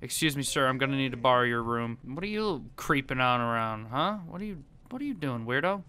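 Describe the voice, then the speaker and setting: A man giving gameplay commentary, panicking and pleading in fast repeated bursts. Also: medium pitch, lively intonation, background noise. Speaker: gaming YouTuber.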